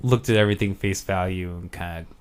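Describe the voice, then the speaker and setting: A man's voice: low voice, fast talker, slight background noise. A man hosting a casual podcast, rambling and hesitant, full of fillers and swearing. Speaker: podcast host.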